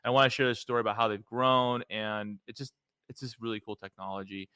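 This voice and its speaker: A man's voice: on the low side, fairly even intonation, fairly quick, sharp tone, smooth, no room sound. A man hosting a podcast, talking loosely and casually with lots of filler words. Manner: loose and chatty, many "like" fillers. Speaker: podcast host. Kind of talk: casual interview chat.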